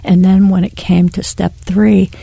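A woman tells her faith story as a guest, earnest and heartfelt, often close to tears. Her voice is husky with a gravelly edge and a dark, mellow tone. The sound is dry and close. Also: mid-range voice, flat delivery, a little slow, dry recording. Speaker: guest sharing a faith testimony. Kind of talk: emotional personal testimony.

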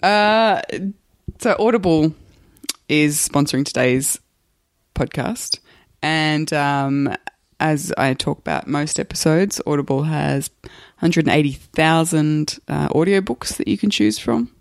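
A woman hosting a podcast in casual chat, her voice croaky and hoarse from the flu, laughing often between fillers. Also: deep voice, slow pace, no echo, studio quality. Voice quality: hoarse, gravelly. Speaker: podcast host.

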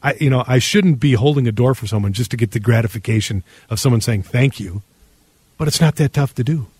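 A man's voice: medium pitch, fairly quick, darkish tone, husky, dry recording. A man hosting a call-in radio show, casual and joking as he reads listener texts. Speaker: radio host. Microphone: studio microphone.

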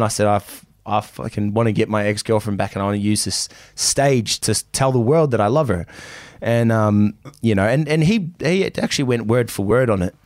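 A man's voice: lowish voice, no echo, clean studio sound. A young man from New Zealand, a podcast guest, telling stories in casual chat, laughing often and acting out what others said. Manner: animated, laughs often, acts out quotes.

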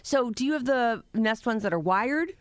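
A radio show co-host in casual chat, telling anecdotes in an animated way and laughing along the way. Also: medium pitch, normal speed, no echo.

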